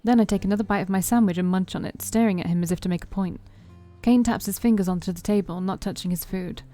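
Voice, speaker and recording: A woman's voice: mid-range voice, fast, dark tone, soft background music. A woman reading a story game aloud in first person, playful, with her own asides. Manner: playful, with side comments. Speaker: let's play streamer.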